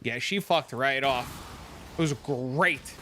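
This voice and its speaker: A young man with a New Jersey accent, a streamer telling a story to his chat in a casual, profane, animated way. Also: takes it slowly, slight background noise. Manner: animated, profane, gets loud and high when retelling arguments.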